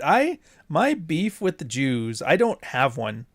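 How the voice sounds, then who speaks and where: A Pacific Northwest man hosts a livestream, reading super chats and drifting off on tangents with plenty of swearing. His voice sits a little high, swings hugely in pitch, and moves slowly. The sound is clean studio quality with no echo.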